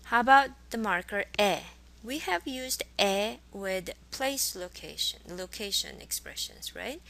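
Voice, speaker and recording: A woman's voice: mid-range voice, expressive, unhurried, gravelly, sharp tone, poor audio. A woman teaching a college language class, explaining grammar patiently and modeling example sentences. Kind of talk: recorded classroom lecture. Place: college course recording.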